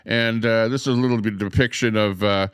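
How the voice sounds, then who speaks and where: A man with a lowish, smooth voice hosts a casual livestream from outdoors beside some trees. His talk wanders loosely, full of pauses and filler words, and the sound is dry with little room echo. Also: fairly even intonation, fairly bright tone. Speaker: livestream host. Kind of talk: rambling casual livestream chat.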